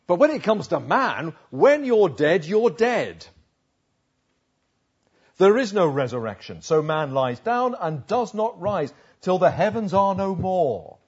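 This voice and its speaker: Guy preaching, reads the verses then talks them through, really lively up and down, kinda dull muffled recording. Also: high-pitched, normal speed, breathy edge. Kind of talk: sermon with scripture reading.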